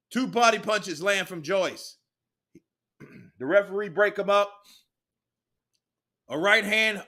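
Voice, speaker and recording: Punches get called in rapid succession as a high-voiced man provides live, excitable, casual commentary on a boxing bout, cursing without restraint.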